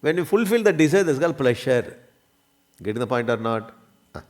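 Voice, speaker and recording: Man, spiritual teacher, discourse, keeps asking if listeners follow, medium pitch. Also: very animated, a little fast. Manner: checks understanding often, coughs now and then. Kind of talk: religious discourse.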